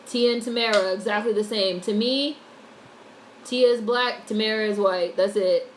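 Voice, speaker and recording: An American woman holds forth on a casual livestream, blunt and opinionated, swearing as she answers her chat. Her voice sits at an ordinary middle pitch. A faint hiss runs under the recording. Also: fairly even intonation, moderate pace, rough recording. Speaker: YouTube commentator reading chat.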